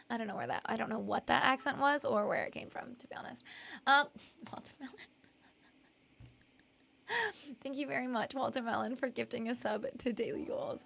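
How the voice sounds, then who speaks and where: A woman's voice: sits high, normal speed, vocal fry, pauses often, bright, forceful tone. A young woman streaming live, chatting casually and rambling, laughing often as she reads out chat messages. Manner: bubbly, giggly, rambling, reads chat aloud.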